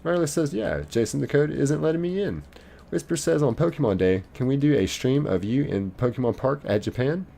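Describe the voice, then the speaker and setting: A man's voice: medium pitch, expressive, brisk, vocal fry, mellow. A man live streaming a game, reading viewers' chat messages aloud and answering them playfully. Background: faint game music.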